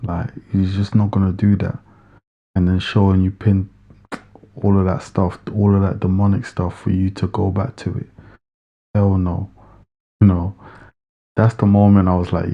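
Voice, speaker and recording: A man's voice: low voice, monotone, normal speed, long pauses, mellow, lo-fi sound. A man giving earnest, insistent commentary as he reacts to a video clip. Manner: earnest, insistent, repeats for emphasis.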